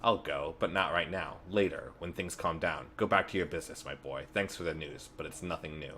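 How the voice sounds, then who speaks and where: A man reading aloud the lines of a gruff, rich older factory boss in a game. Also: rumbling low, fairly quick, pushed and bright, slight background noise, heavily acted. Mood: dismissive. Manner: reads game dialogue aloud, dismissive.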